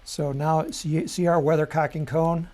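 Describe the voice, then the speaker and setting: A man hosting a live software tutorial, talking casually and thinking aloud at his computer, with frequent ums and self-corrections. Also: a little high, steady tone, unhurried. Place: at a computer desk.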